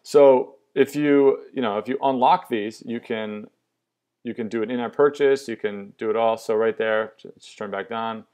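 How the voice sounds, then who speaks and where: A man's voice: medium pitch, moderate pace, darkish tone. A young man casually and enthusiastically walking through an app demo, upbeat and loose with fillers. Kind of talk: casual product demo walkthrough.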